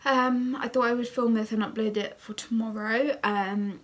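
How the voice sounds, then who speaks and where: A woman's voice: on the high side, steady tone, normal speed. Chatty young woman vlogger. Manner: chatty, many fillers like "like" and "oh my God". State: tired, recovering from illness. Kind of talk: casual story time vlog.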